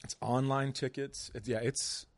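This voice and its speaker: A man's voice: medium pitch, fairly even intonation, unhurried. A man talking in casual podcast chat, riffing jokes and laughing along with the host. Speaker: podcast guest.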